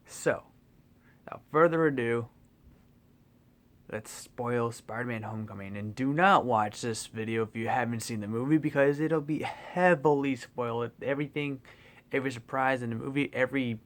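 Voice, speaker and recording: Rambling, excitable young man. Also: medium pitch, moderate pace. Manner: rambling and excitable, lots of fillers and restarts; swears casually. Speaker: movie vlogger. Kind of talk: casual spoiler review.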